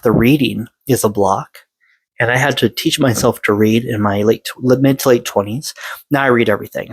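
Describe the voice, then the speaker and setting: A man in his forties speaks straight into a close mic, earnest and halting, stopping and restarting often. The sound is dry and close, with no room behind him. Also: fairly low pitch, no echo, rough recording. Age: 40s. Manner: halting, with many fillers and restarts. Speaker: vlogger sharing personal story. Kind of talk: earnest personal monologue.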